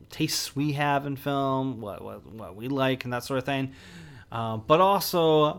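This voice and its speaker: A man's voice: mid-range voice, clean tone. Man, podcast co-host, casual movie talk, rambling explanations. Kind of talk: casual movie review chat.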